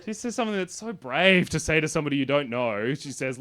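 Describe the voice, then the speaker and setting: Young adult man, stand-up comic, animated storytelling with loud exasperated outbursts, live comedy club, handheld mic. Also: a little high, fast.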